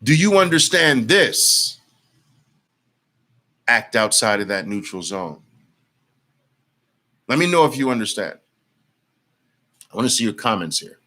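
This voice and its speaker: A trading coach teaches traders in a live-streamed lesson, blunt and emphatic, repeating words for force and answering viewer comments. His medium-pitched voice is sing-song, unhurried, bright and forceful, with long pauses.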